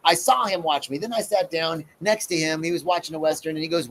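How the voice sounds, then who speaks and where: A man's voice: a little high, quick pace, few pauses, a bit bright, a little hiss or hum. A middle-aged man, a spiritual practitioner, giving a casual live talk and acting out the voices in his own stories. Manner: conversational teacher, acts out voices in his stories. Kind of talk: live-streamed talk on personal growth.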